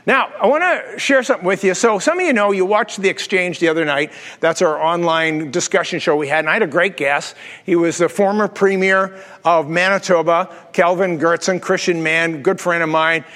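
A man preaching a sermon as pastor, animated and joking, asking the crowd many rhetorical questions. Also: high-pitched, moderate pace, big-room sound.

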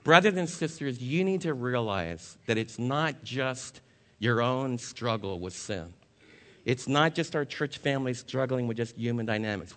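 A man's voice: mid-range voice, fairly bright tone, long reverb tail. A male pastor preaching a sermon, earnest, reading scripture aloud to his congregation. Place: church sanctuary.

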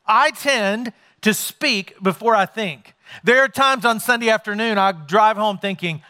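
A male pastor delivers a sermon in a church sanctuary before his congregation. His voice sits high and rings bright and forceful. He talks conversationally, throwing in jokes for the crowd. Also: a little slow, clean tone.

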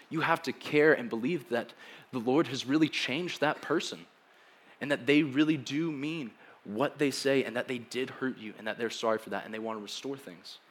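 A man's voice: mid-range voice, fairly bright tone. A young man preaching a sermon in a casual, joking way, acting out the people in the story as he goes. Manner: casual, joking, acts out quoted dialogue.

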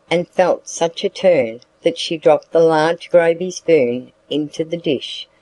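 Slow, measured audiobook reader. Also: medium pitch, a little mellow, dry recording, poor audio. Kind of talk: audiobook narration of a classic novel.

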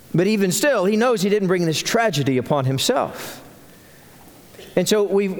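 A man preaching a sermon as senior pastor, telling the story in an animated way with frequent restarts. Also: high voice, big-room sound.

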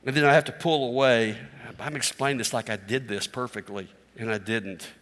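A man's voice: medium pitch, fairly even intonation, a little fast, fairly bright tone, long reverb tail. A middle-aged male pastor preaching a sermon in a candid, self-deprecating, conversational way.

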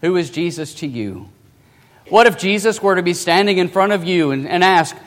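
A man preaching a sermon, emphatic, dropping to a hush and then rising loud, slowing down on key words. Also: high voice, expressive. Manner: emphatic, swings between loud and hushed, slows for stress. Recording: long hall reverb.

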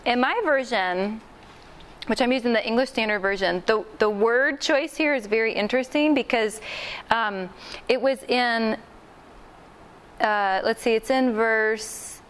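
A woman's voice: fairly high pitch, a little slow, fairly bright tone, clean tone. Chatty woman teaching a Bible workshop. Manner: conversational, acts out quoted lines. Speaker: Bible study trainer. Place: meeting room with a group.

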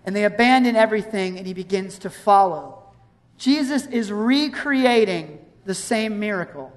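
A woman delivers a sermon, conversational and lively, reading scripture and acting out little scenes. Her voice sits at a middle pitch. It rings with the long reverb of a large church hall. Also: normal speed. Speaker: preacher.

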